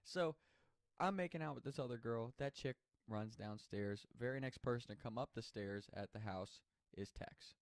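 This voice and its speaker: A man's voice: medium pitch, normal speed, no room sound. A man telling a personal story in a casual, chatty way, swearing freely and laughing as he goes.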